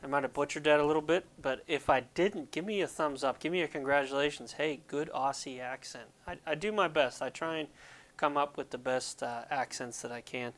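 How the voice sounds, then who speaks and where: This man's voice sits a little high and comes out brisk and slightly bright. He's a ministry video host from Pennsylvania, rambling through a jokey devotional chat with viewers and teasing himself along the way.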